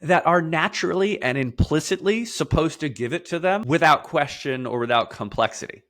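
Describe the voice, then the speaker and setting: A man guest in an interview, explaining emphatically, stacking lists of words and repeating key phrases. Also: animated. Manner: drops to a quieter, slower, lower delivery for heavy points. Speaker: podcast guest, somatic therapist.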